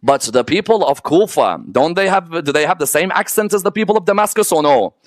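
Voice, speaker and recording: A man's voice: on the high side, animated, no echo. A man giving a religious history lecture to a live audience, often asking rhetorical questions and checking in with "yes?" and "correct or no?". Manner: lists items one by one in a slow, emphatic way.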